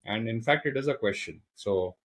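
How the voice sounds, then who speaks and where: A man hosts a podcast conversation. His voice sits on the low side. He asks his questions in a casual, lightly teasing way. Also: animated, normal speed, fairly bright tone, low-quality recording. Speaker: podcast host.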